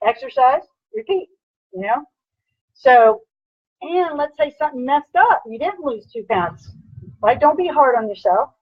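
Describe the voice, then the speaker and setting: A woman personal trainer giving an energetic motivational lecture, punchy and repetitive, with a husky voice. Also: high-pitched, measured pace, no echo, dull audio. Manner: energetic, punchy, repeats "bam" and "right?".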